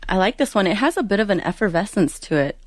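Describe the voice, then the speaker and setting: A woman from a restaurant taking part in a casual wine tasting, tentative and soft-spoken. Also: mid-range voice, animated, fast talker, no room sound, clean studio sound. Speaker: restaurant guest taster.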